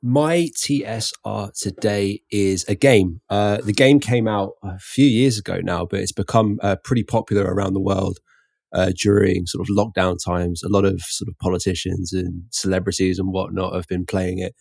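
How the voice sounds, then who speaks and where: Producer type, male, lower voice, halting casual delivery, dry sound. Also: steady tone, gravelly, a little mellow, no echo. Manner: hesitant, lots of fillers. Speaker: podcast producer. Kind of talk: casual podcast chat.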